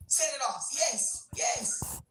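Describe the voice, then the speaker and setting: A hoarse woman boxer chatting excitedly and profanely with viewers on a casual livestream. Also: high voice, slow, far from the mic, a little hiss or hum. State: hoarse from a cold. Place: indoors, at home. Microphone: phone livestream. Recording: very echoey room, away from the mic.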